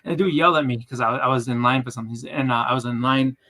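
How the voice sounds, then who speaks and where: A man with a thick Boston accent, co-hosting a podcast in casual chat, talking in quick, stumbling bursts full of fillers. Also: mid-range voice, bright, forceful tone. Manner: rapid, stumbling delivery with many fillers. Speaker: podcast co-host.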